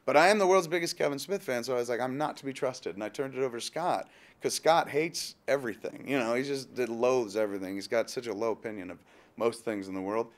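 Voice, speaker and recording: A man in his thirties tells a long, rambling story at a rapid clip. His talk is jokey and loose, full of quick asides and a bit of profanity. It has the easy feel of a casual interview. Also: mid-range voice. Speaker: interviewee, filmmaker and author.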